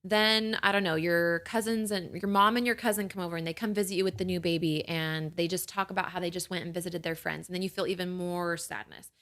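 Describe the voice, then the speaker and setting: A young adult woman hosts a podcast for new mothers in a lowish, fairly bright voice with a steady tone. She talks a little fast with hardly any pauses, explaining things in a casual, reassuring, conversational way full of "like" and "right?".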